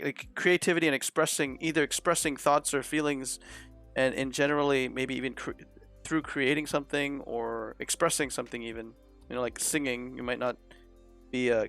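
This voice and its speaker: A man with a gravelly, fry-heavy voice co-hosts a casual online chat show, working his thoughts out aloud and padding them with fillers. Faint music plays underneath. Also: mid-range voice, fairly bright tone. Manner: rambling, thinks aloud with many fillers. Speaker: co-host.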